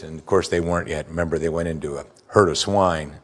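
A man's voice: low-pitched, fast, few pauses. Preaching man, emphatic and dynamic. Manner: emphatic preaching, rising and falling in volume. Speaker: pastor. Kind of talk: sermon.

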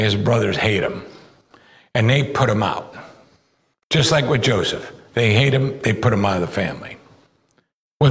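A man preaching a sermon, telling Bible stories with animated delivery and rising sharply when he quotes the characters. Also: medium pitch.

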